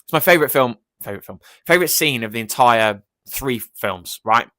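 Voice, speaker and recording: A man reviewing a film for his vlog, rambling and excited, with plenty of fillers. His voice sits in an ordinary middle pitch. It is recorded dry and close, with no room sound. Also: brisk, no echo. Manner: enthusiastic, rambling, many fillers.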